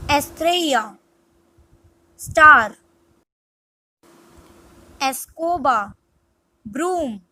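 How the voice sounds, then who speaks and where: A woman reading a vocabulary lesson word by word in a measured, scripted way. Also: high-pitched, pushed and bright, poor audio. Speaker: language teacher.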